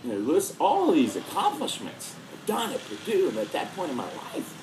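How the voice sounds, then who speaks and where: A middle-aged man addresses an audience, telling a story and acting out its lines. His pitch rises and falls a lot, and he sounds roomy and echoey with faint noise under him. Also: moderate pace. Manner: storytelling with lively acted-out quotes. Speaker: speaker. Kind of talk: speech to an audience.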